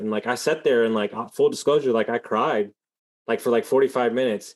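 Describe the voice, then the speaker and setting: Man, podcast host, rambling storyteller, filler-heavy, profane, animated, mid pitch. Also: brisk. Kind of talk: casual storytelling in an interview.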